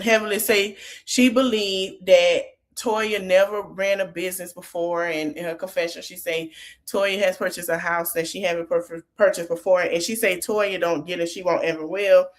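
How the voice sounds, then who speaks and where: A woman's voice: on the low side, steady tone, moderate pace. Chatty woman recapping reality TV. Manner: chatty, laughs often, retells scenes with quoted lines; informal colloquial speech. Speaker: podcast host.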